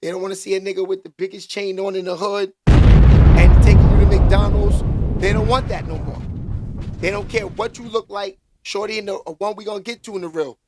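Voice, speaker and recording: A man's voice: high-pitched, fairly even intonation, fairly quick, heavy background noise. A man hosting a casual commentary vlog, talking in slangy, emphatic bursts and repeating catchphrases.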